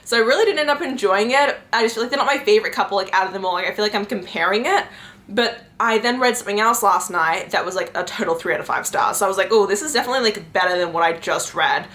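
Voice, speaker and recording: Casting: young woman, mid-pitched, giggly and rambling, casual vlog chat, echoey room. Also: fast talker, fairly bright tone. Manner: chatty, giggly, filler-heavy rambling. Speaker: book vlogger. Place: home room and outdoors on a lunch break.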